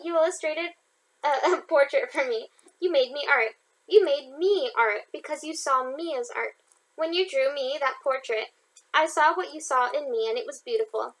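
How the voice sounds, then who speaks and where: A woman's voice: sits high, poor audio. A woman, the author, reading her own novel aloud as an informal audiobook, with some restarts along the way. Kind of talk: self-read audiobook narration.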